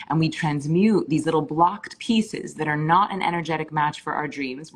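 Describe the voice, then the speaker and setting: Husky low woman teacher, fired up, swears a lot. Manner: fervent, swears for emphasis. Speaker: meditation teacher. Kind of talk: impassioned live-stream talk.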